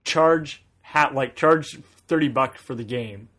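A man's voice: mid-range voice, takes it slowly, pushed and bright. Hesitant man in casual podcast chat. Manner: hesitant, restarting sentences. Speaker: podcast co-host.

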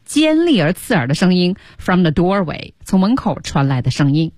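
A woman hosts a radio English lesson, dwelling on each key word. Her voice sits low and a little husky, yet moves a lot in pitch. The booth is dead dry. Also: big pitch swings, darkish tone, no echo. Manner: explains slowly, stretches key words. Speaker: language teacher.

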